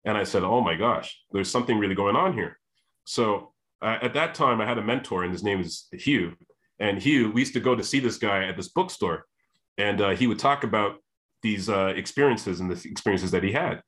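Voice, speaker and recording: A man telling a long personal story, animated, often restarting his sentences and acting out what people said. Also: fairly low pitch, moderate pace. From Canada. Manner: animated, repeats and restarts, acts out quoted voices. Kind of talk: storytelling monologue.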